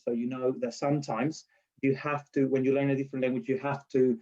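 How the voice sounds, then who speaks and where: A man with a Spanish accent telling stories in a casual interview, acting out quotes and often restarting his sentences. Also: medium pitch. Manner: animated storyteller, acts out quotes, laughs often, restarts and self-corrects. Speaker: university lecturer and nurse interviewee. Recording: dull lo-fi recording.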